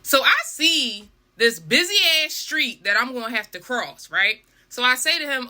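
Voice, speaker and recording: A young woman telling a storytime vlog, animated and dramatic, with frequent asides to her viewers. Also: fairly high pitch, moderate pace, hardly any pauses. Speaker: vlogger.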